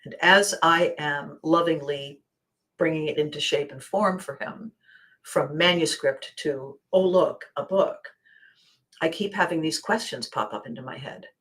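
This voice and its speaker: A woman hosting a show, talking casually in an expressive, emphatic way with wide swings in loudness. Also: deep voice, moderate pace. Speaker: host. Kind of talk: casual monologue.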